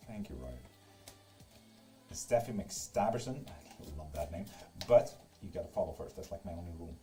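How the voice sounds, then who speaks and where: A man runs live tarot readings in a casual stream chat, reading viewers' comments aloud, teasing them and swearing freely in a joking manner. His voice is low-pitched, mellow and animated at a moderate pace. Faint music plays behind him.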